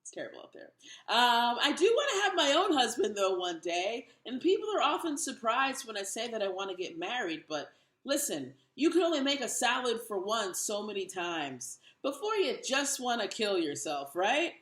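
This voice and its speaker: A woman's voice: on the high side, very animated, normal speed, a bit bright. Thirtysomething woman doing standup, wry and self-mocking, voice jumps all over, echoey room. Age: 30s. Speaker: stand-up comedian. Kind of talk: stand-up comedy set.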